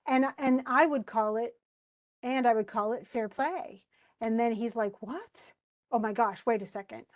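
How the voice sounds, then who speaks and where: Woman explaining a play, higher voice. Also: rough recording. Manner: reads quoted verse then retells it in plain speech; animated, uses fillers and restarts. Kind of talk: casual lecture, paraphrasing and quoting lines.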